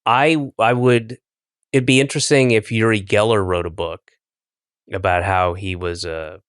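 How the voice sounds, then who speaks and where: An older American man hosting a podcast, talking bluntly in a halting way with lots of fillers and restarts. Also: lowish voice, fairly even intonation, a bit bright, smooth, no room sound, clean studio sound. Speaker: podcast host. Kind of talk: casual chat.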